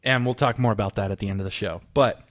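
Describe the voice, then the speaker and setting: A man's voice: on the low side, fairly even intonation, fast. A man co-hosting a casual podcast, joking around and then talking earnestly. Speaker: podcast co-host.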